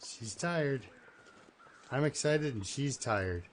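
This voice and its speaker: A man's voice: mid-range voice, animated, slow pace, a little hiss or hum. A man with a Canadian accent giving chatty, rambling gameplay commentary as a streamer, talking to his chat and to himself.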